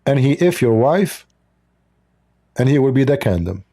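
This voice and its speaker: A man's voice: medium pitch, sing-song, normal speed, warm tone. A man hosting a livestream, talking in a mocking, sarcastic way in non-native English. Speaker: livestream host. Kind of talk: livestream polemic commentary.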